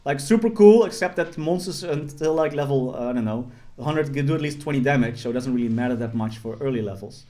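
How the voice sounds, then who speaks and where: A man's voice: mid-range voice, fast talker, hardly any pauses, warm tone. A young man giving casual, joking commentary over his gameplay as a gaming video host, with frequent fillers and restarts. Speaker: gaming YouTuber.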